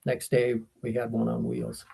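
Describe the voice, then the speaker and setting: A man's voice: medium pitch, moderate pace, creaky, husky. An older man co-hosting a podcast, telling stories casually and acting out the voices of the people in them. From United States. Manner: animated, acts out quoted voices. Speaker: podcast co-host. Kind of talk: casual storytelling chat.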